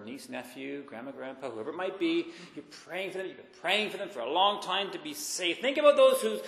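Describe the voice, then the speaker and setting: A man preaching in a fairly high voice, earnest and searching. He builds up to emphatic points and then falls back to a hushed tone. His words ring through a roomy hall with a long reverb. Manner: earnest, rises in emphasis then drops to quiet asides. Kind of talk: sermon.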